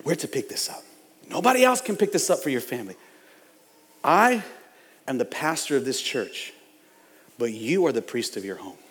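A man preaching a fiery sermon as pastor in a church, building up to shouts and repeating his phrases. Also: medium pitch, sing-song, normal speed, long pauses, breathy edge, long reverb tail. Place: church sanctuary.

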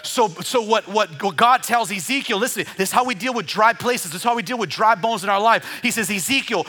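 High, bright-voiced energetic male preacher. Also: fairly quick, hardly any pauses, breathy edge, long reverb tail. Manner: shouting, rhythmic build-ups to the congregation. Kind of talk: energetic sermon.

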